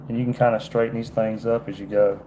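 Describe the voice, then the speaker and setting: On a livestream, a fishing guide from Georgia demonstrates fly tying in a laid-back, folksy manner, chatting with his audience in a Southern accent and repeatedly saying "y'all". His voice is fairly low with little pitch movement, he speaks quickly, and a slight hiss or hum runs through the recording.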